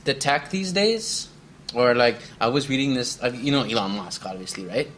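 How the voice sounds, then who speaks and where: A young man in easy, rambling conversation, retelling work stories and playing every part himself. His voice sits mid-range, with a soft hum running under the recording. He laughs easily and keeps talking through it. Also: medium pitch, lively intonation, normal speed. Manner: rambling storyteller, acts out quoted coworkers, laughs often. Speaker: podcast co-host. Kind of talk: casual chat.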